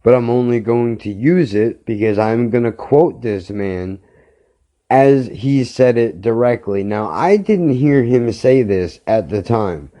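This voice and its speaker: A man's voice: medium pitch, lively intonation, unhurried, mellow. A male podcast host telling a story as a blunt, heated rant full of swearing.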